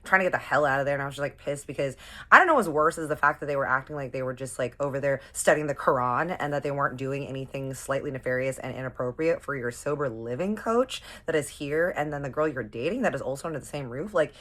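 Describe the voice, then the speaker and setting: Young woman, strikingly low voice, chatty slang-heavy storyteller with sassy asides. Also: fast talker, a bit bright. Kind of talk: casual storytime vlog.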